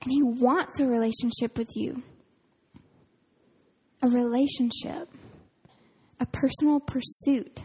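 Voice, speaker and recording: A woman camp counselor, giving a casual, earnest youth sermon full of fillers and quick laughs. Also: on the high side, fairly even intonation, a little mellow, husky. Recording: reverberant hall.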